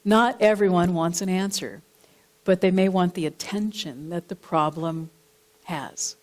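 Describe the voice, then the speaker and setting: A woman's voice: on the low side, measured pace. A woman minister delivering a sermon, telling a counseling story and repeating and rephrasing her points as she goes. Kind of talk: sermon with personal anecdote. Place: church sanctuary.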